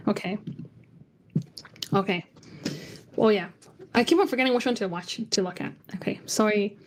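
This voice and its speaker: A woman leads an online language lesson from her computer mic, talking in a loose, chatty way. She sings single syllables high and low to show each tone, then drops back into casual explaining. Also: normal speed, a little hiss or hum. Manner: chatty, demonstrates tones by singing them out. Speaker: Cantonese teacher.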